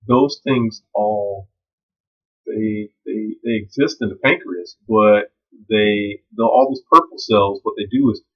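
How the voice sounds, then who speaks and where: A male biology instructor teaching in a relaxed, jokey way, with slang and frequent ums. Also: mid-range voice, breathy edge. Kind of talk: casual recorded lecture. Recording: dull lo-fi recording.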